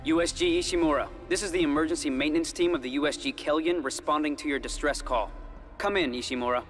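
A man playing a fast-talking pilot on radio. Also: on the high side, soft background music, natural voice. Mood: urgent. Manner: rapid, formal radio call. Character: male ship pilot hailing over radio.

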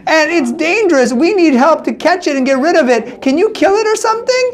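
A man's voice: very high-pitched, animated, brisk, pitched above the performer's own voice. A man voicing frightened little girls who plead for help in a children's story. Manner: pleading, urgent.

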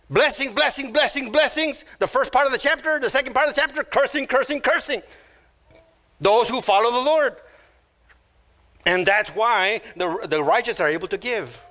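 A male pastor delivering a sermon in a high, animated voice that rises and falls widely. He speaks slowly and brightly, repeating phrases and drawing out words for emphasis. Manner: acts out little quoted voices.

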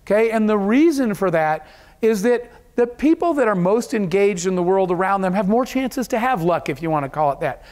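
A man's voice: sits high, animated, brisk, darkish tone. A man giving a motivational keynote speech to an audience, telling stories in an earnest, emotional way. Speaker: keynote speaker. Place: event hall.

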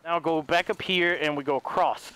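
A man hosting a gaming video, giving excitable casual commentary, yelping and talking back to enemies. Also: fairly high pitch, moderate pace, clean tone. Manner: excitable, yelps and talks to enemies. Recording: voice over loud game audio. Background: game sound effects.

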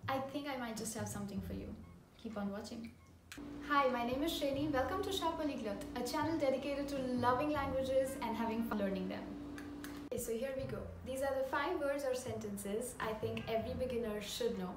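A woman teaching beginner French, upbeat and slowing down to model each pronunciation. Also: high voice, far from the mic. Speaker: language teacher. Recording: roomy echo, off-mic, audible room noise.

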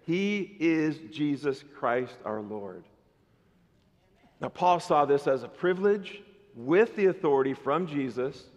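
A man delivers an animated sermon as pastor, his voice pitched high for a man. He slips into chatty, playful asides to the congregation. The sound carries the long reverb of a church hall. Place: church sanctuary.

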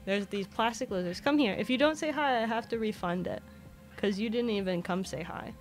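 A woman's voice: mid-range voice, fairly quick, soft background music. A woman streaming from her home desk in a casual chat, coaxing her cat in a sing-song voice. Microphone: desk microphone.

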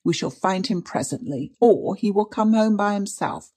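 A woman reader voicing a calm older woman who soothes and reassures briskly. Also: medium pitch, voice pushed up, lightly acted. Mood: soothing.

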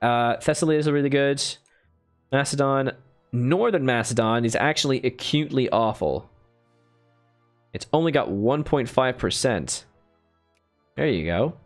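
A man streaming a strategy game talks in a mid-range voice with lively intonation, a measured pace and frequent pauses, soft music behind him. His commentary is casual and chatty, thinking aloud and thanking viewers enthusiastically.

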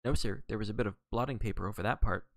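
A man reading aloud and voicing an elderly, stooped male gardener who answers slowly and deferentially. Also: on the low side, no room sound. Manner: slow, deferential, mumbling. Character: old stooped male gardener, slow and cautious. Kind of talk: audiobook character reading.

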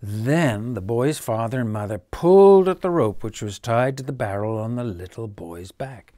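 A man reading a children's bedtime story aloud, gentle and dropping to a hush at quiet moments. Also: medium pitch, animated, moderate pace, no room sound, clean studio sound.

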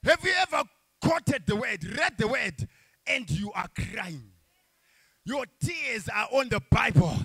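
A man preaching a fervent sermon as pastor, chanting and shouting his phrases, then dropping to quiet pleading. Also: very high voice, sing-song, measured pace, gravelly, husky, no room sound. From Africa.

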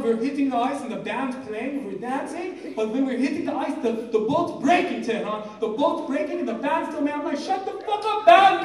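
A man doing a gruff immigrant dad. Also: darkish tone. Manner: broken English, gruff and low, muttering. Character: stubborn tricky immigrant father, middle-aged man. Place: comedy club on stage. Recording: echoey room, far from mic, crowd laughing.

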